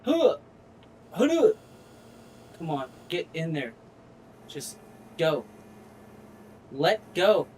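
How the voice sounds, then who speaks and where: A gaming streamer with a fairly high-pitched voice narrates his own gameplay in casual commentary, with slight background noise. Frustrated, he swears a lot and talks himself through each step in a slow drawl.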